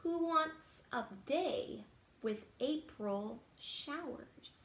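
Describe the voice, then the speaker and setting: A woman from Texas reading a picture book to children as a teacher, playful and animated, pausing for them to guess and dropping into hushed asides. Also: high-pitched. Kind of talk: children's read-aloud storytime. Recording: roomy echo.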